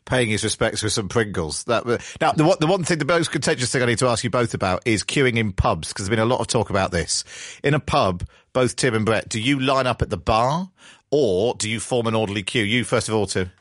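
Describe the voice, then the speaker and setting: A man hosting a casual radio phone-in, chatty and quick to laugh. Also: mid-range voice, lively intonation, fairly bright tone, no echo.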